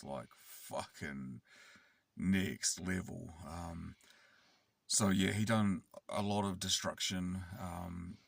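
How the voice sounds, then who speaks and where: A man's voice: low voice, creaky, dry recording, far from the mic. A man, rambling and swearing as he tells a casual story in a car. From New Zealand. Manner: rambling, sweary, with many fillers. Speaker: vlogger. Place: inside a car.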